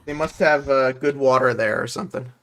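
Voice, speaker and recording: A man's voice: medium pitch, fairly quick. A man hosting a livestream, talking casually and joking while he works on a model kit. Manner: relaxed, joking, thinking aloud while working.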